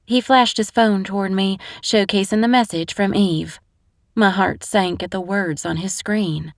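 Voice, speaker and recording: A woman's voice: mid-range voice, a little slow, no echo, studio quality. Woman narrating a romance audiobook. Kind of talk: first-person audiobook narration.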